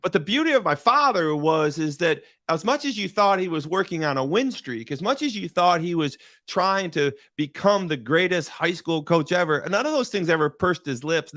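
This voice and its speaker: A middle-aged man from Michigan, a podcast guest, telling a story with passion, repeating words for emphasis and pausing for drama. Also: a little high, fairly bright tone, no room sound, clean studio sound. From Michigan, USA. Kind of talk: emotional storytelling in conversation.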